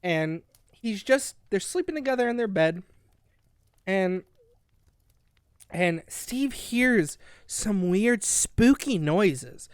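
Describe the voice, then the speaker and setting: A young woman co-hosting a casual comedic book review, loud, profane and giggly while sipping wine. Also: mid-range voice, animated, slow pace, long pauses, clear, resonant tone, no room sound, studio quality. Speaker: podcast co-host.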